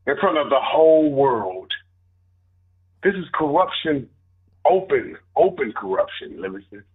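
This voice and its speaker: A man co-hosting casual sports talk, joking and exaggerating in an animated way. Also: fairly high pitch, normal speed, phone-quality sound. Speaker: co-host.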